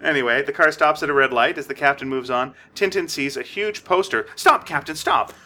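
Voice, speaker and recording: A man's voice: a little high, brisk, pushed and bright. A chatty man reading a comic story aloud to friends, with many fillers and joking asides.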